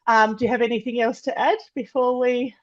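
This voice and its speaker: A woman hosting a podcast, chatting quickly and casually and often trailing off mid-thought. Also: on the high side, fairly even intonation. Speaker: podcast host. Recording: dull lo-fi audio.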